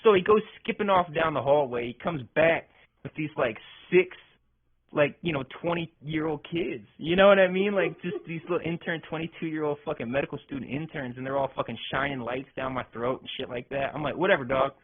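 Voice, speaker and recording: A man's voice: fairly high pitch, fairly quick. A man on a podcast telling a rambling, profane story with lots of fillers and restarts. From Arkansas. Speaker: podcast guest, metal vocalist. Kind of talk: casual storytelling chat. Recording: tinny phone-like podcast audio.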